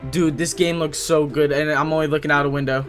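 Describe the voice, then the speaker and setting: A young man joking and reacting excitedly while narrating his playthrough of a game. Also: on the high side, fast talker. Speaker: gaming YouTuber. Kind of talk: let's play commentary. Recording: commentary over loud game music. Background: game music.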